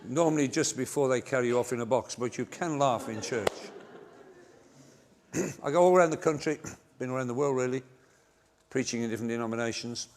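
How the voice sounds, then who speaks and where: A man's voice: medium pitch, brisk, pauses often, darkish tone, a little hiss or hum. An older man, preaching a sermon to a congregation in a church, telling self-mocking funny stories. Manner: anecdotal, self-mocking, jokey delivery. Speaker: pastor. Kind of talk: humorous sermon storytelling. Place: large church before a congregation.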